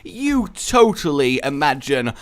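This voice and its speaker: A young man talks over his own gameplay with a jokey, excitable manner. His pitch swings widely as he jumps from easygoing remarks to loud, high-pitched cheers. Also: slow pace. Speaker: gaming video host. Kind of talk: let's play commentary.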